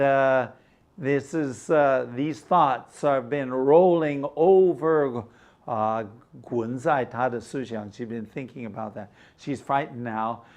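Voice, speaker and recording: Slow-talking older man teaching English. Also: mid-range voice. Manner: slow explaining, mixing in Mandarin glosses.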